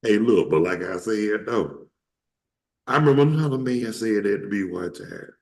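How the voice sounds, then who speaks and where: A man's voice: lowish voice, animated, moderate pace, a little mellow. A man from Atlanta with a Georgia Southern accent, hosting a casual chat and telling stories. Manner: storytelling, repeats himself, acts out quotes. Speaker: host.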